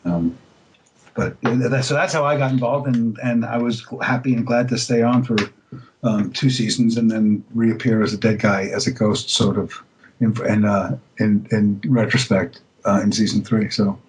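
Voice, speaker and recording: A male voice actor being interviewed, telling stories in a relaxed, casual way with many fillers and restarts. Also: on the low side, moderate pace, a little hiss or hum, poor audio. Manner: relaxed storytelling, laughs easily.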